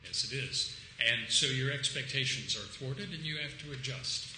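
A man giving an academic lecture, emphatic and animated, sometimes acting out quoted lines. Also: medium pitch, moderate pace. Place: lecture room. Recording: echoey lecture room with faint noise.

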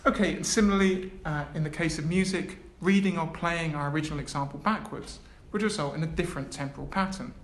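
At a quick pace and with few pauses, a man whose voice sits a little high reads a prepared academic lecture, dropping in hesitant asides. The lecture room recording is echoey, carrying faint background noise.

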